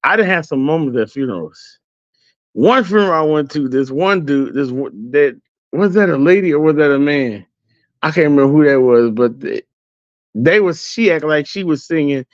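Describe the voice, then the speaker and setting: A man's voice: fairly high pitch, moderate pace, no echo. Laughing man with a dull, dry sound. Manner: laughing, animated storyteller. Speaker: channel host. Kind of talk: casual storytelling to livestream viewers.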